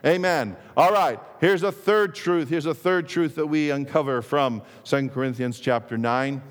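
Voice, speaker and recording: A man's voice: on the high side, normal speed. A male pastor preaching a sermon in a church sanctuary, speaking emphatically and calling for amens. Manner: emphatic, with calls of amen to the congregation. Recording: long reverb of a big sanctuary.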